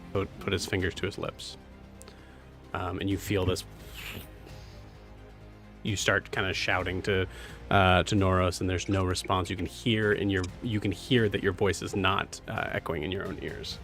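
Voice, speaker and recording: Low-voiced man running a tabletop game. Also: little pitch movement, a bit bright, faint music behind. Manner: casual, halting with many fillers. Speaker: game master.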